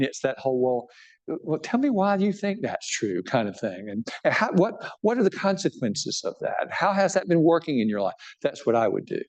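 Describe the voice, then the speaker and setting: Chatty bishop, animated and digressive. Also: male voice, medium pitch. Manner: conversational, animated, many restarts and "right?" tags. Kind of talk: book talk with audience questions.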